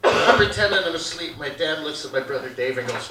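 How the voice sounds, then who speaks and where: A Canadian man doing a brash stand-up comedy set, telling family stories and acting out the people in them with loud shouted bursts. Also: a little high, animated, fairly quick. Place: theater stage with laughing audience. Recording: echoey theater recording from far off, loud noise.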